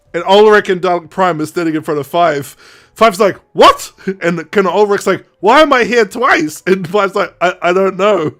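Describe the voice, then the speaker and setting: A young man hosting a podcast, retelling a story in a casual, animated way, quoting characters in quick put-on voices and laughing often. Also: on the high side. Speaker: podcast host. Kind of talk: casual chat recapping a story.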